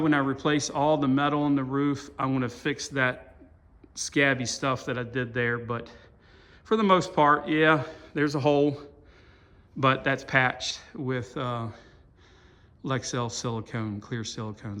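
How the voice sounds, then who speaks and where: A middle-aged man walking through the old barn he restored, talking in a halting, rambling way full of fillers. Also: mid-range voice, fairly even intonation, fairly bright tone. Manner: rambling, halting, self-deprecating, many fillers. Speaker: farm owner showing his restored barn. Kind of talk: casual walkthrough vlog.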